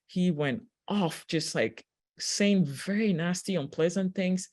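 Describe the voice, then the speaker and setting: A woman giving a reflective spiritual talk, telling a personal story in a gentle, unhurried way with pauses and fillers. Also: fairly low pitch. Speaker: spiritual teacher; registered nurse.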